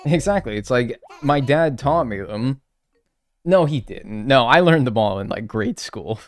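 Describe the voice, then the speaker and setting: A man's voice: mid-range voice, lively intonation, unhurried, faint music behind. A man streaming a game live, chatting casually, rambling and joking with viewers.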